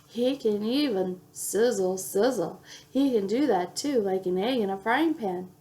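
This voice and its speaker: A woman's voice: medium pitch, unhurried, mellow. A woman reading children's picture books aloud, playfully acting out the sound effects. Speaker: children's book reader.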